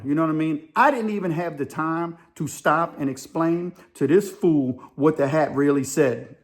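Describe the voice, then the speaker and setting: A man tells a story in a casual, rambling monologue. His voice sits a touch high for a man. He talks in loose street slang and repeats himself as he goes. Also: moderate pace. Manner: colloquial, rambling with repetitions. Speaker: vlogger.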